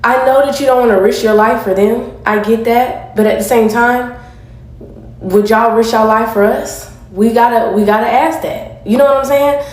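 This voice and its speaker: A woman's voice: on the high side, steady tone, normal speed, a little mellow, echoey room, rough recording. A woman in a loose, rambling social media rant.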